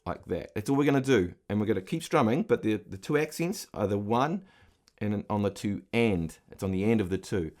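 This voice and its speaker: A middle-aged guitar instructor speaks a little fast, his fairly low voice full of lively intonation, as he patiently explains and counts beats aloud mid-strum. Heavy acoustic guitar strumming plays beneath his voice.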